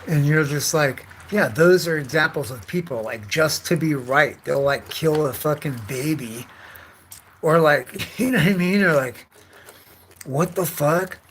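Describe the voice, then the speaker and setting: A man's voice: fairly high pitch, unhurried, a bit bright. A man with a slightly raised voice rambles through a casual livestream rant, swearing constantly and piling one loose thought onto the next. A faint hiss of background noise sits under his talk. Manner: heavy profanity, loose run-on storytelling. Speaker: livestream host.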